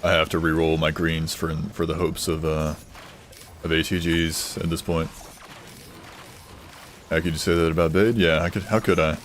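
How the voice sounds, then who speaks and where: A man's voice: rumbling low, level tone, moderate pace, pauses often, a little hiss or hum. A man streaming a game, casually chatting and joking with his chat while playing. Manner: joking, reading chat aloud, offhand. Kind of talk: casual gaming stream commentary.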